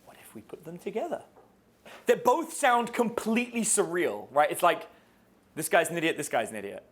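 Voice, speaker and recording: A man's voice: high-pitched, lively intonation, moderate pace. A man teaching a live dating seminar in a casual, swearing style, quizzing his audience. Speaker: dating coach.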